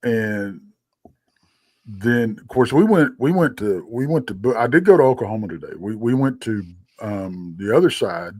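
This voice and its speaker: A man's voice: lowish voice, animated, moderate pace, mellow, no room sound. A tired man, a regular on a live show, telling rambling stories in casual chat with lots of restarts. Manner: rambling storyteller with many restarts. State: tired, yawning late at night. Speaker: regular panelist.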